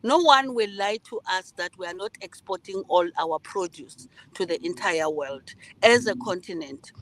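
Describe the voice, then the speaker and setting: A woman's voice: fairly low pitch, expressive, normal speed, a bit bright, a little hiss or hum, low-quality recording. A woman from South Africa speaking earnestly on an online panel over a video call.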